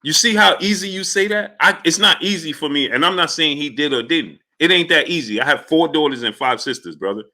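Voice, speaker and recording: A man's voice: on the high side, fairly quick, few pauses. A man hosting a live stream, greeting viewers by name and ranting with heat. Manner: animated, heated, shouts out chat names. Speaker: livestream host.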